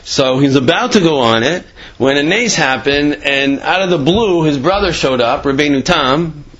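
A man's voice: fairly high pitch, expressive, normal speed, crowd noise. A man casually telling religious stories, rambling with many fillers and restarts. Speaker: Torah storyteller. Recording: dull lo-fi recording.

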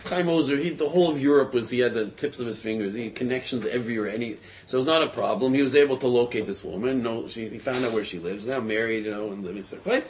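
A man's voice: mid-range voice, fast talker, few pauses, a little hiss or hum. Guy chatting thru a story, loose and conversational, lots of uh and you know. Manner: conversational, full of fillers and restarts, animated quoting. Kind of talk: casual storytelling.

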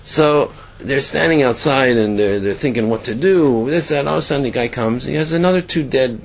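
A man's voice: medium pitch, fairly quick, highs cut off, slight background noise. A man giving a sermon and telling parables, asking himself questions as he goes. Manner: storytelling, animated, asks himself questions.

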